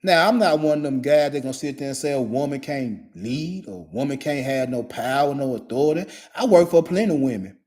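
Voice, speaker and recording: A man's voice: mid-range voice, expressive, fairly quick, hardly any pauses, a little mellow. A man in his forties delivering a blunt, profane monologue in a repetitive, emphatic way.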